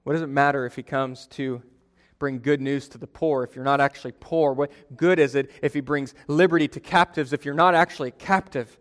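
A man's voice: medium pitch, steady tone, fairly quick. A young adult man preaching a sermon as a pastor, in a conversational storytelling way with self-deprecating humor.

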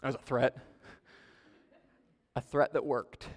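A male pastor preaching an earnest sermon, swinging between loud urging and soft, low pleading. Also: fairly even intonation, slow. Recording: long hall reverb.

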